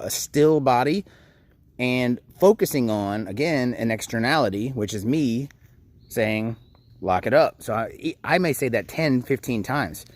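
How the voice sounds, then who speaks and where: Frank, conversational man in his thirties. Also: medium pitch. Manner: frank and conversational, with frequent hesitations. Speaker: parenting coach. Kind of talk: casual advice talk to camera.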